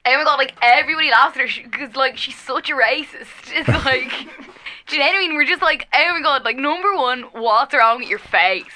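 A woman's voice: high-pitched, a little fast, pushed and bright, a little hiss or hum. A woman playing a gossipy, mocking young coworker who says "like" constantly, heard over a phone in an improvised comedy call-in. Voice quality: valley-girl filler "like", giggly. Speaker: character caller.

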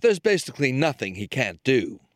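A male news correspondent reading a scripted television report in a measured reporter's delivery. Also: mid-range voice, very animated, no room sound.

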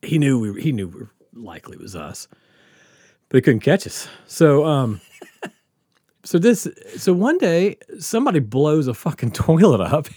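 Animated, laughing male storyteller. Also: a little high, normal speed, slightly rough, no echo, studio quality. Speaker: podcast host telling a story. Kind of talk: casual storytelling chat.

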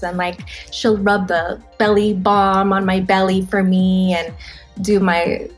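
Young pregnant woman, chatty and emotional, kinda low voice, faint music under it. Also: little pitch movement, normal speed. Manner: warm, emotional, gushing. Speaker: podcast guest. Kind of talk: casual chat.

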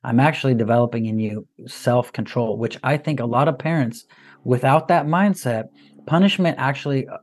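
A man in his thirties, a father talking as a guest, telling stories in a lively, casual way. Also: mid-range voice, moderate pace. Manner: animated, lively storyteller. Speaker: parent sharing advice as a podcast guest. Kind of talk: casual conversational storytelling.

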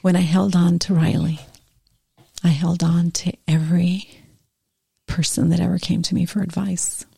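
A middle-aged woman speaking softly and slowly with emotion as a guest in a heartfelt conversation. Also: fairly low pitch, level tone, vocal fry, breathy edge, no room sound, studio quality. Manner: soft, slow, emotional.

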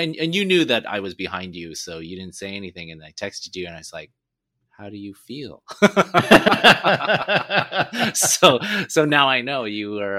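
Deep, bright man in dry chat. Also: no room sound. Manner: chatty, stammering restarts, wry. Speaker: podcast co-host. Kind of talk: casual sports chat.

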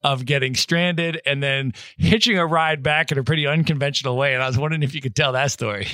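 A man hosts a podcast and asks his guest to tell her stories, answering with short affirmations. His tone is bright and his pitch is mid-range. The sound is dry and close. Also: steady tone, fast talker, dry recording. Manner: prompting questions, affirming. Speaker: podcast host. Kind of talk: interviewer.

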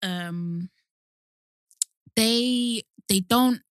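A woman's voice: on the high side, extremely slow, no room sound. A young woman, co-hosting a casual chat and talking easily, laughing often. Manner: chatty, laughs easily, spells out names. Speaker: podcast co-host.

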